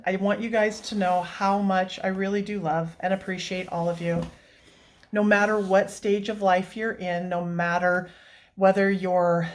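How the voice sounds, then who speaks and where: A woman hosting a coloring vlog, talking in a casual, gushing way and laughing often while teary and emotional. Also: fairly low pitch. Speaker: coloring channel host.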